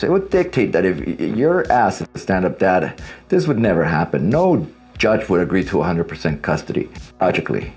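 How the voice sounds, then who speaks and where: Blunt, lively-voiced male divorce coach. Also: sits low. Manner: blunt, casual, swears freely. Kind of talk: direct-to-camera advice talk.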